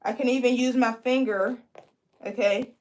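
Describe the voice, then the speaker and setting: Teaching braiding on a livestream and reading the chat as she goes, a young Pennsylvania woman speaks with a Pennsylvania accent. Her voice is a little high and a little mellow, steady in tone and moderate in pace, and she chats with viewers, calling them "y'all."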